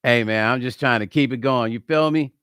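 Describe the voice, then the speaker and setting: A middle-aged man, a musician and producer, chatting casually in a vlog while he builds a track, excitable and slangy, forever saying hold on. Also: mid-range voice, brisk, clean tone, dry recording, clean studio sound. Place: music studio.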